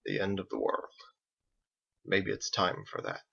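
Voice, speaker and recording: A man's voice: big pitch swings, vocal fry, sharp tone, husky, exaggerated voice. A man doing a weary, drunk sea captain. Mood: resigned. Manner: slow, low, weary drawl. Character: lazy, drunken middle-aged sea captain. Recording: dull lo-fi recording.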